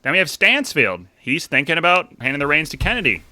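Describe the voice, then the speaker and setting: A man co-hosting a casual book podcast, making deadpan jokes that build to excited emphasis. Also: a little high, fast, no echo. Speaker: podcast co-host. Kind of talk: casual chat.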